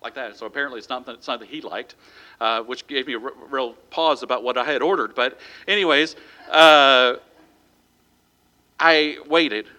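Bright-voiced man preaching. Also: medium pitch, moderate pace. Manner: conversational storytelling with a light chuckle. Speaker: pastor. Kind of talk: sermon.

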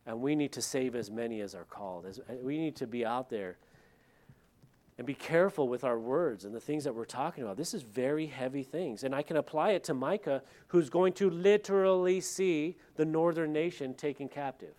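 A man's voice: mid-range voice, normal speed, darkish tone. A man, a pastor, preaching a sermon in a conversational way with joking asides.

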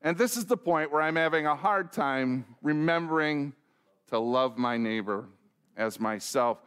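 A middle-aged man delivers a sermon in a somewhat high voice. He mixes a self-mocking personal story with direct questions to his listeners and acts out the dialogue as he goes. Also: lively intonation, a little slow, a bit bright, clean tone. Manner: asks the congregation direct questions. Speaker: pastor.

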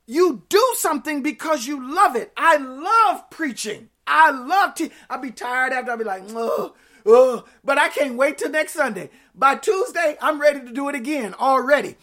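A woman pastor preaching a sermon, talking in a lively and conversational way and turning to the congregation with playful asides. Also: high-pitched, normal speed, hardly any pauses.

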